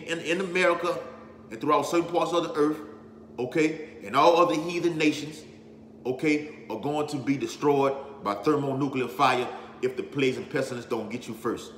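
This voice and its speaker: A man's voice: on the high side, brisk, fairly bright tone. Man preaching hard in an echoey hall. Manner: emphatic, keeps checking in with "all right?" and "okay?"; repeats words while building up force. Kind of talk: preaching on scripture. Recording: echoey hall with faint background noise.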